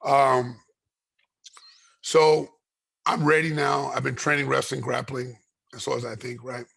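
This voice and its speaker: A man guest in an interview, telling a long story with animated energy, voicing other people in it, often repeating and restarting his words. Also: medium pitch, unhurried. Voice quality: gravelly, raspy. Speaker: guest, retired fighter.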